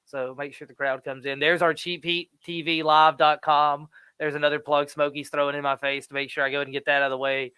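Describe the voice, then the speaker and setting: A man's voice: on the high side, flat delivery, fairly quick, bright, forceful tone, smooth, no room sound. A man co-hosting a live show, loose and rambling, laughing often. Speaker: co-host. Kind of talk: casual live show banter.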